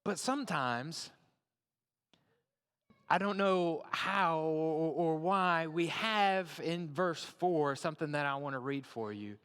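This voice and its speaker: A man's voice: on the high side, takes it slowly, a bit bright, clean tone, big-room sound. A man preaching a sermon in a conversational way, often checking in with his listeners. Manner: conversational, repeats and checks in with "right?". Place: church.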